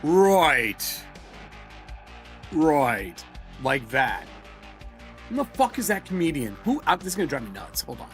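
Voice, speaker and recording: A man's voice: fairly high pitch, very animated, a little slow, pauses often, soft background music. A man hosting a casual live stream, reading from a book aloud and riffing with profanity. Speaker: streamer host.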